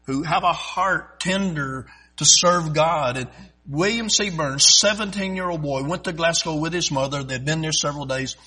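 A middle-aged man preaching a sermon in a folksy, emphatic way, swelling loud and stretching out key phrases. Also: a little high, normal speed, husky, rough recording.

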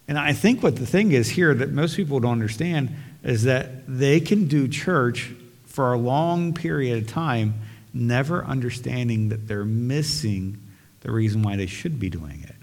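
A man's voice: mid-range voice, normal speed. Earnest preaching man in a reverberant hall. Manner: earnest, emphatic, repeats phrases for stress. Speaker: pastor. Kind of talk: sermon with prayer. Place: church sanctuary.

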